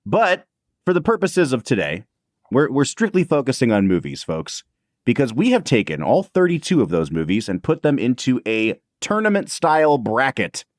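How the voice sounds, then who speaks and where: A man's voice: mid-range voice, big pitch swings, moderate pace, no echo, clean studio sound. A man co-hosting a casual podcast, upbeat and explaining things to listeners. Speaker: podcast co-host.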